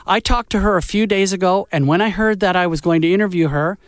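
A man hosting a music radio show, chatting in an animated, joking way. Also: high voice, fast talker, clear, resonant tone, dry recording, clean studio sound. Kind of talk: casual chat.

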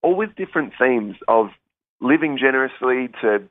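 A musician, a man, talking casually in a radio interview over the phone, friendly and halting with many restarts. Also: mid-range voice, expressive, no room sound. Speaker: musician guest. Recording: tinny phone line.

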